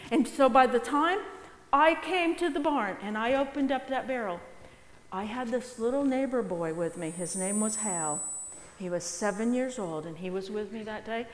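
Animated woman telling a children's sermon. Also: moderate pace. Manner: animated storytelling, voicing characters with sudden high-pitched exclamations. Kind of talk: children's object-lesson sermon. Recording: echoey hall with faint ambience.

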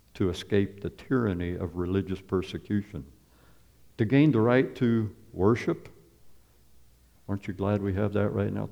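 A man with a very low, dark voice delivers an earnest sermon, repeating himself and posing rhetorical questions to his listeners. A long reverb trails behind each phrase, as in a large hall. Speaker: preacher.

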